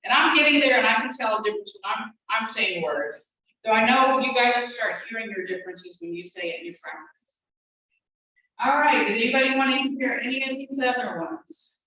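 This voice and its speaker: A middle-aged woman teaching a casual language class, chatting, laughing often and slowly repeating words to drill pronunciation. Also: a little high, expressive, pushed and bright. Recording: roomy, distant, dull, faint hiss.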